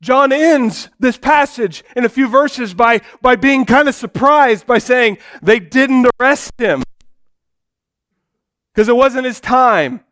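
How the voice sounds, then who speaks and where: A man preaching a dramatic sermon in church, swinging between loud declarations and hushed, low passages. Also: slow pace. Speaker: pastor.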